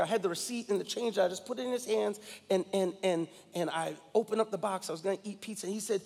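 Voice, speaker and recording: A man's voice: sits high, brisk, creaky, hardly any pauses, in a large hall. A man in his forties from New York, a guest pastor preaching a sermon with emphatic personal storytelling. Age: 40s.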